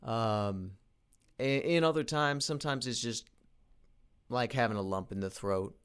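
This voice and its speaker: Slow, halting man musing aloud. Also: mid-range voice, smooth. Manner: halting, frequent restarts and repeated words; earnest, self-motivating. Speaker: independent voice actor and producer. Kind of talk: reflective solo monologue.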